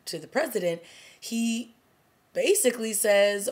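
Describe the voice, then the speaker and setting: A woman casually recapping a TV drama episode for her vlog, animated, laughing often and throwing in dramatic asides. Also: mid-range voice, normal speed. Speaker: TV review vlogger.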